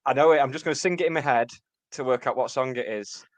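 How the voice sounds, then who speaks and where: A man co-hosting a casual music podcast, often stumbling and repeating words as he searches for them. His pitch is ordinary, and his voice is recorded dry and close. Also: fast talker, no echo. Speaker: podcast co-host.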